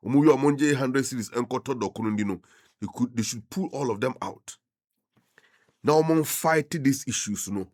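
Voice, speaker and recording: A man's voice: mid-range voice, no echo, studio quality. A man with a Ghanaian accent giving impassioned political commentary as a radio talk show host, mixing Twi and English. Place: radio studio.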